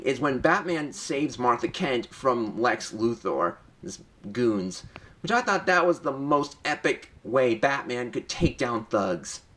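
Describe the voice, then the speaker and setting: A man's voice: mid-range voice, pushed and bright. Eager young man rambling through a movie review. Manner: eager, rambling, frequent restarts. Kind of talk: casual movie review vlog.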